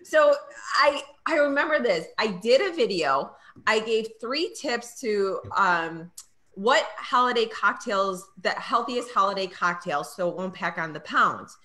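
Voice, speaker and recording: As a guest in a relaxed interview, this middle-aged network marketing trainer shares stories and reenacts her own past lines. She speaks at a measured pace in an expressive, mid-range voice that sounds pushed and bright.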